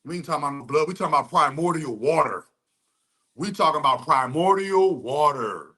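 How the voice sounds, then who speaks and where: A man's voice: a little high, animated, a little fast, bright, forceful tone, slightly rough. A young adult man giving heated, rambling commentary full of profane street slang. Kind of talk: ranting commentary.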